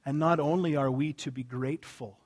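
A male pastor giving an earnest, conversational sermon, dropping his voice low for emphasis. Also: steady tone, normal speed, husky.

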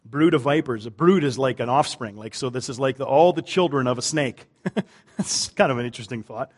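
A man, a pastor, preaching a sermon, moving between loud emphasis and quiet, drawn-out lines. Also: medium pitch.

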